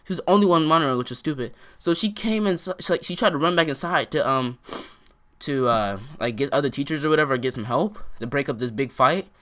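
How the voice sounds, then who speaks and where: Bright-voiced guy rambling through a story. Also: on the high side, fast talker. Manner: rambling, heavy on filler words. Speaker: vlogger. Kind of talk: casual storytime.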